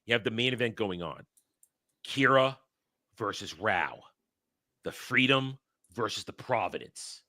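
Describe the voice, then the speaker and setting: Bright, excited man recapping an anime. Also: fairly low pitch, unhurried, pauses often. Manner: excited, animated retelling that acts out characters' lines. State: choked up. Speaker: podcast host. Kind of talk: casual anime recap chat.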